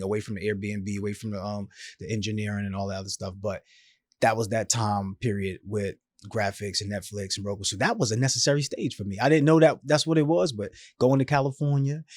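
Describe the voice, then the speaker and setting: A man in his thirties telling his life story as a podcast guest, animated and emphatic, with slangy phrasing, often acting out other people's voices. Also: fairly low pitch, no room sound, clean studio sound. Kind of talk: storytelling in a casual interview.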